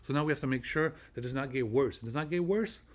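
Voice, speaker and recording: A man's voice: mid-range voice, fast talker. A man hosting a casual vlog monologue, rambling with many fillers and repeating phrases for emphasis. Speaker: channel host.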